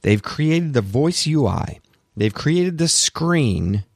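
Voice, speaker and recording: Excitable man with a gravelly voice. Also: on the high side, slow pace, no echo, studio quality. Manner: excitable, apologetic rambling with self-corrections. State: allergies, throat clearing. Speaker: podcast host. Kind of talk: solo tech podcast commentary.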